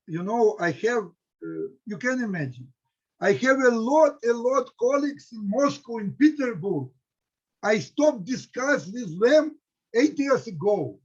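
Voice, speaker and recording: Halting, husky Ukrainian man. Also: high voice. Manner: halting non-native English, emotional, many restarts. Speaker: historian, center director. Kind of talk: discussion with students. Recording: dull lo-fi recording.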